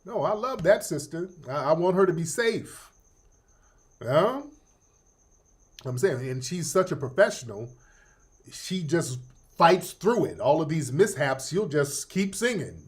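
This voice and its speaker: Animated, profane middle-aged male host. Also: a little high, measured pace, pauses often. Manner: profane, joking, laughs often. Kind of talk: casual livestream commentary.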